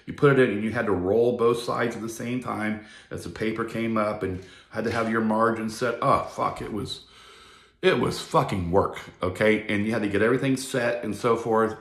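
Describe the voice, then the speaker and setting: A man's voice: medium pitch, echoey room. A man giving a rambling, profane casual monologue as a video host.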